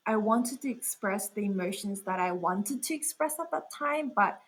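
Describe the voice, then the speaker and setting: A woman's voice: medium pitch, lively intonation, moderate pace, breathy edge, poor audio. A young woman chatting as an interview guest, talking casually with lots of fillers. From Australia. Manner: chatty, full of "like" fillers and laughs. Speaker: guest artist.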